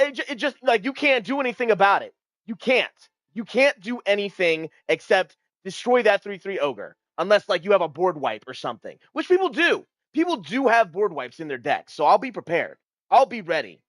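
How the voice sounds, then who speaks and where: A male streamer talks straight to his chat, hyped and swearing freely, his pitch leaping up and crashing down as he riffs. The sound is close and dry with no room around it. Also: fairly quick, dry recording. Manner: animated, hyped and profane, talking to chat. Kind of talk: casual card-game commentary.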